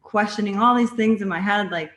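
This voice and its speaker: A woman's voice: medium pitch, fairly quick, echoey room. A young woman from Florida, a country singer guest, chatting casually with lots of hedging fillers. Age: young adult. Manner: relaxed, hedging, laughs easily. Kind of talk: casual interview chat.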